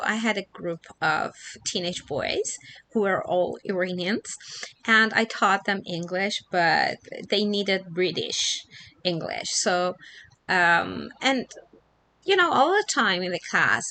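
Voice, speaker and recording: Woman English teacher, bright tone, unhurried, casual filler-heavy delivery. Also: mid-range voice, slight background noise. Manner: chatty, repeats herself, many fillers.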